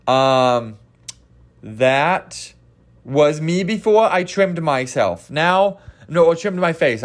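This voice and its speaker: A young man from Kansas hosts a podcast on his own, and his talking voice sits noticeably high. He rambles and swears freely, stopping often to correct himself mid-sentence. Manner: profane, rambling, self-correcting. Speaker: podcast host. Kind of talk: casual solo podcast rant.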